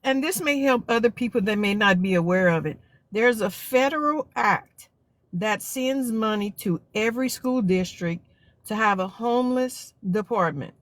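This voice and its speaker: A woman from South Louisiana with its accent, a school teacher calling in and calmly explaining things step by step. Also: medium pitch, dry recording. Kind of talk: explanatory call-in.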